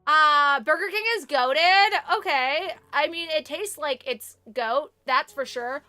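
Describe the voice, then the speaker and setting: A woman's voice: high-pitched, slow pace, bright, forceful tone. A young woman chatting casually on a live stream, thanking viewers, with lots of fillers and idle humming.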